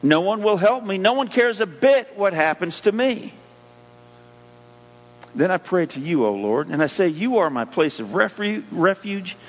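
Male pastor, sermon delivery, slightly high voice, punches up the scripture readings; muffled recording with long hall echo. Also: animated, a little slow. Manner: preaching with rising emphasis on scripture readings. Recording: dull hum-laden audio with long hall reverb.

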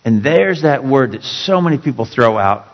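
A male pastor preaching a sermon with dramatic, emphatic storytelling that drops suddenly to quiet. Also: medium pitch, animated, moderate pace, long reverb tail, highs cut off.

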